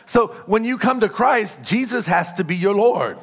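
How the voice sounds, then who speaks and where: High-voiced man preaching emphatically. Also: lively intonation, moderate pace, gravelly. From California. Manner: emphatic call-and-response preaching, shouting on key points. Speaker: pastor. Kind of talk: sermon. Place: church sanctuary.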